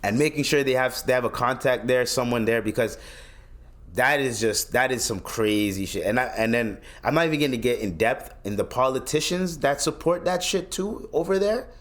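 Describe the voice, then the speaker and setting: A man's voice: medium pitch, animated, moderate pace, a bit bright. A young man from Canada hosting his own podcast, ranting bluntly and profanely in casual solo commentary, often restarting his sentences. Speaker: podcast host.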